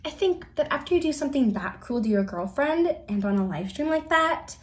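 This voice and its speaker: A woman's voice: high-pitched, animated, a little fast. An actress playing a bubbly young woman influencer hosting a live stream. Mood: subdued. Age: young adult. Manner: bubbly, gushing.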